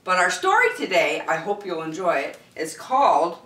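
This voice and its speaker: A woman reading a picture book aloud to children in an animated, sing-song storytelling voice. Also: lowish voice, normal speed, hardly any pauses, reverberant.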